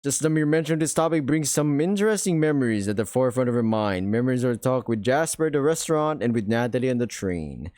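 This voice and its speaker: A man's voice: medium pitch, fast, few pauses, darkish tone, no room sound. A man reading a visual novel aloud for his channel, mixing the narration with dry, joking asides.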